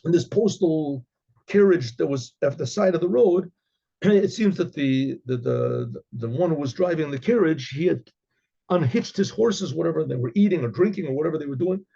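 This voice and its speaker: A man, a rabbi, telling a religious story in a halting way with many restarts and frequent throat-clearing. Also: on the high side, dark tone, lo-fi sound. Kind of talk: oral storytelling.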